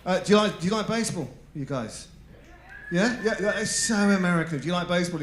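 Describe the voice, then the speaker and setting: A man doing a stand-up comedy set, telling stories with animated character voices and shouted punchlines. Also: high voice, a little fast, slight background noise. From England. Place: comedy club stage before a live audience. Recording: echoey club room with live audience.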